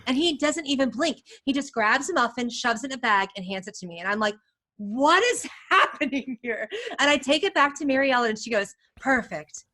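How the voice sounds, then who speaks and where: A woman from the United States, a photographer guest on a podcast, telling stories in a casual, animated way and acting out what others said. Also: sits high, quick pace, few pauses. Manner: animated, laughing, acts out quotes.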